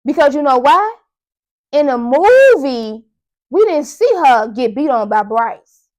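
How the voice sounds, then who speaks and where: A young adult woman hosting a podcast, telling a story in a casual, animated monologue and talking straight to her listeners. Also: high voice, slow. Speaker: podcast host.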